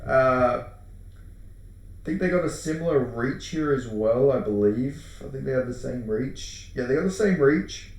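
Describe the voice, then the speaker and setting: An Australian man talks through fight predictions in a loose, rambling way, circling back on his words and swearing casually. His voice sits at an ordinary middle pitch. The recording rings with heavy room echo. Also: animated, measured pace, darkish tone. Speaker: MMA fight predictions host. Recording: very echoey room.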